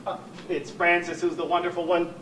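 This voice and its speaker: A man's voice: high voice, flat delivery, normal speed, fairly bright tone. An actor playing a fussy, sentimental divorced man who rambles tearfully and keeps apologizing, performed live on a church stage. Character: fussy, weepy divorced man, gentle and fretful. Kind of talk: live stage comedy acting. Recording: echoey hall, distant room mic, faint noise.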